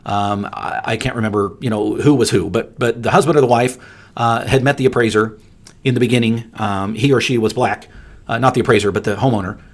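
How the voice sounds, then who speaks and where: A man's voice: medium pitch, fairly even intonation, brisk. A man hosting a solo podcast, talking earnestly and emphatically, often repeating words for stress. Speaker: podcast host and appraiser coach.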